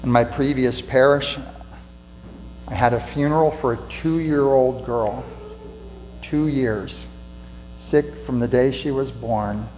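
A pastor giving a conversational sermon in a church, asking rhetorical questions and repeating lines for emphasis. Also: male voice, mid-range voice, takes it slowly, pauses often, a little mellow. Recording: echoey hall with mains hum.

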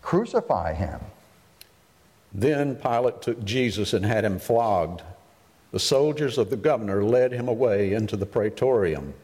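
A man reading scripture aloud as a lector, in a formal, measured way, in a reverberant hall. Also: lowish voice, darkish tone.

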